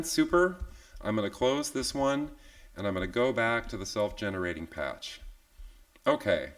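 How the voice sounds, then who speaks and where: A man leading a live online software tutorial, talking in a relaxed, chatty way with tag questions and self-deprecating asides. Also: lowish voice. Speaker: software instructor.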